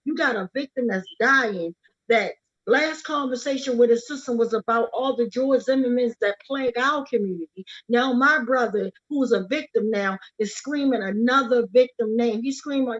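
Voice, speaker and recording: A woman with a slightly high, somewhat bright voice gives an impassioned rally speech about her brother's death at a normal speed. She presses her point urgently, repeating key words, over lo-fi livestream audio.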